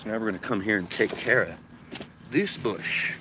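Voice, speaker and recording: Deep-voiced chatty man outdoors. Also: moderate pace, background noise. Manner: chatty, swears casually, reads chat aloud. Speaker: gardening livestream host. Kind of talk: casual livestream chat. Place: outdoors in a backyard garden.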